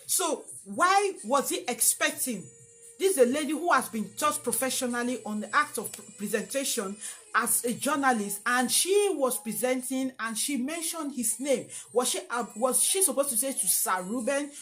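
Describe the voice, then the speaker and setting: A woman's voice: fairly high pitch, lively intonation, normal speed, a bit bright, faint music behind. A young woman, chatting to camera in an opinion vlog, with many fillers and long thanks to her viewers. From Nigeria. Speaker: vlogger.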